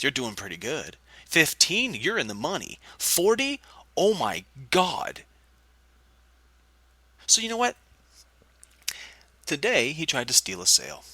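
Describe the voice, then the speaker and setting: A man's voice: fairly low pitch, no room sound. A man telling a story in a casual vlog rant, angry and profane, acting out the people he quotes. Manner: angry, profane, animated retelling. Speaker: vlogger.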